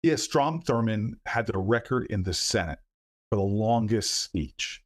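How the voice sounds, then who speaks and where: Earnest low-voiced middle-aged man. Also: animated, measured pace. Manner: earnest, stumbles and repeats words, acts out quoted voices. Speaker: senator and book author, guest. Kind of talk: conversational interview answers.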